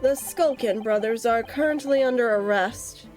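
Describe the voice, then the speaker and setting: A woman's voice: fairly high pitch, moderate pace, a little mellow, natural voice. A woman voicing a brusque, middle-aged male police inspector, reading game dialogue over faint music.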